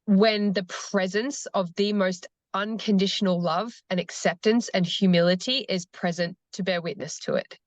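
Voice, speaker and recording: A woman who facilitates cacao ceremonies, speaking slowly and earnestly as a guest on a podcast. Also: medium pitch, steady tone, no room sound, highs cut off. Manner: slow, earnest storytelling. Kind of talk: podcast conversation.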